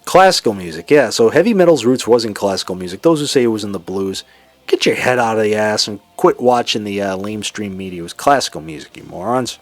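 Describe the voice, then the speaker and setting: A man with a Boston accent hosts a casual classic rock commentary, his voice sitting on the low side. He talks with gusto, breaking into lines of songs. The sound is close and dry, with no room around it. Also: lively intonation, quick pace, no echo, soft background music. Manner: enthusiastic, sings lyrics and imitates singers. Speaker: podcast host. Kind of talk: casual solo music commentary.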